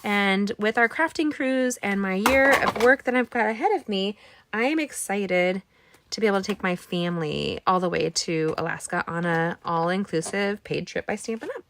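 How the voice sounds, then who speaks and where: A woman hosting a live card-making tutorial, chatting warmly with her viewers and reading their comments as she works. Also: mid-range voice, normal speed, slight background noise. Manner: bubbly, talks to viewers directly, reads out chat; gets emotional when talking about a late friend. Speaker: card-making instructor and live-stream host.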